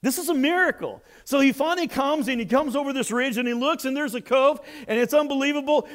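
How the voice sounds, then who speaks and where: A man preaching a sermon as a story, animated and swinging between hushed and loud. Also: extremely high pitch, fast, few pauses.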